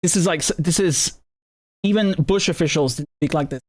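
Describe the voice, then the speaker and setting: A man hosting live news commentary, his voice sitting a touch high. He speaks indignantly, stumbling over repeated words and tossing out rhetorical questions as he goes. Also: moderate pace. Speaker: political commentator and host.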